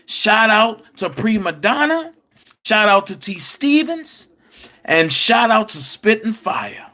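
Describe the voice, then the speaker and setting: A man hosting an online commentary show, speaking in a casual, emphatic way with drawn-out phrases. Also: sits high, sing-song, bright, forceful tone. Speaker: commentary channel host.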